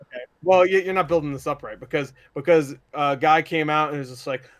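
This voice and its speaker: A man's voice: a little high, brisk, dry recording. A man co-hosting a casual gaming podcast, joking sarcastically and swearing a lot. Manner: profane, sarcastic, animated storytelling. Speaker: podcast co-host. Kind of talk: casual chat.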